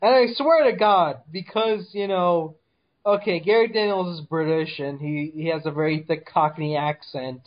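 Podcast co-host, blunt, swears a lot, mid pitch, muffled lo-fi audio. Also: moderate pace. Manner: blunt and heavily profane. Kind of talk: casual movie review chat.

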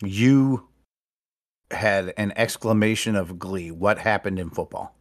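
A man with a lowish voice tells a story in loose, casual podcast chat. He swears freely and gets louder and more animated as the story builds. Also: takes it slowly.

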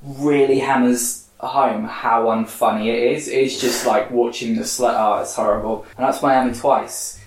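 A man's voice: medium pitch, steady tone, unhurried, few pauses, far from the mic. A man co-hosting a casual podcast, ranting with strong opinions. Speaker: podcast co-host. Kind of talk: casual chat. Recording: roomy echo, away from the mic.

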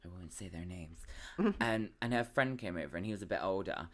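A young man, co-hosting a podcast and telling a story in a casual, animated way, laughing often and acting out the voices of the people in it. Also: low voice, a little fast. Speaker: podcast co-host.

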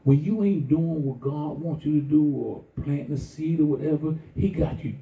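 An older man preaching a sermon in a colloquial, animated style with sudden high-pitched exclamations. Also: normal speed, vocal fry. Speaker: pastor. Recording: echoey, distant, dull sound.

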